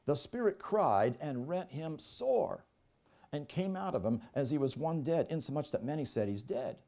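Lively, warm-voiced preaching man. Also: on the high side, moderate pace. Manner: emphatic, reads scripture aloud and explains it. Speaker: pastor. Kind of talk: teaching sermon. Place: church service.

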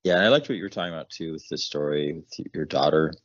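A man's voice: rumbling low, rapid-fire, no echo, muffled recording. A man co-hosting a podcast, chatting casually and agreeing supportively. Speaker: podcast co-host. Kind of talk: casual chat.

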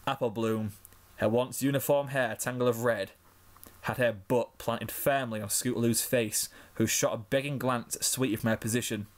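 Male fanfic reader, mid-pitched, steady storytelling delivery. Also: normal speed. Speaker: narrator. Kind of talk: fanfiction reading.

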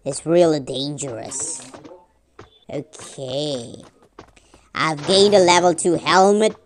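A woman's voice: deep voice, takes it slowly, slight background noise. A woman giving rambling casual commentary while playing a game, often correcting her own slips. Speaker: gamer.

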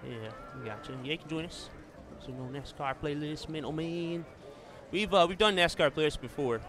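A man's voice: on the high side, normal speed, background noise. A man streaming a racing game, chatting casually with viewers and friends and calling them "man" and "buddy". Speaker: gaming streamer. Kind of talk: casual gameplay chat.

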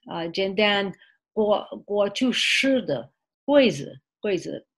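In an online English class with screen sharing, a female ESL teacher speaks patiently and slowly in an expressive, mid-range voice. She repeats words and adds short Mandarin glosses.

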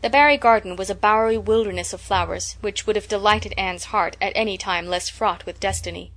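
A woman narrating an audiobook of a classic novel in a measured, even reading. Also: medium pitch.

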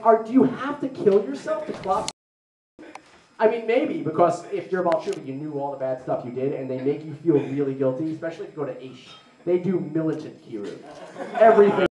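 Young man, live stand-up, sarcastic rambler, high voice, roomy distant sound. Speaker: stand-up comedian. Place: live comedy venue. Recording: roomy, mic heard from a distance.

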